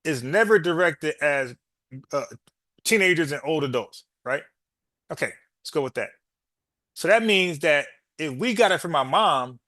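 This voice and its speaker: A man's voice: fairly high pitch, sharp tone, dry recording, studio quality. A man hosting a podcast, arguing with a caller, repeating his points and calling him bro. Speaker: podcast host. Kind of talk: heated call-in debate.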